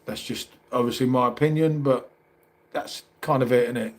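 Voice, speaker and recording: A man's voice: mid-range voice, fairly even intonation, normal speed. A middle-aged man with a London accent, chatting casually on a livestream and reading out comments, calling everyone mate. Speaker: livestream host.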